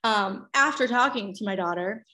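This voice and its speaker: A woman's voice: normal speed, bright, forceful tone. A woman, a mother in her thirties, telling a personal story in candid casual chat, swearing freely and acting out quotes. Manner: chatty, swears freely, acts out quotes with big pitch jumps.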